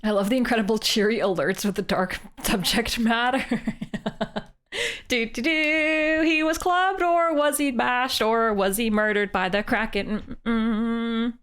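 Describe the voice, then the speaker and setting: A woman's voice: on the high side, a little slow, hardly any pauses, a bit bright, clean tone. A woman from Canada, a live streamer, thinking aloud and chatting as she plays a mystery game.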